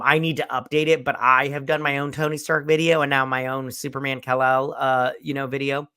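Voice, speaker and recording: Male host, casual TV review, excitable and rambling, bright edge, dry sound. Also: medium pitch, dry recording. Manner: enthusiastic, rambling, swears casually.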